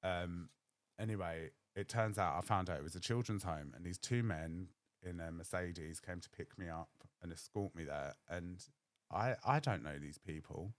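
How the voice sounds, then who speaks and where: A man's voice: deep voice, moderate pace, dry recording. A young man, telling a candid personal story on his podcast and acting out other people's voices. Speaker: podcast host.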